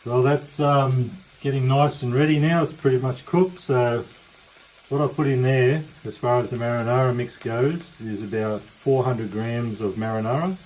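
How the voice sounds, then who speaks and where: Easygoing Australian man with mellow voice. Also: medium pitch, normal speed, poor audio. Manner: chatty, rambling, easygoing. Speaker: cooking vlogger. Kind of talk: casual cooking demonstration. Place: home kitchen.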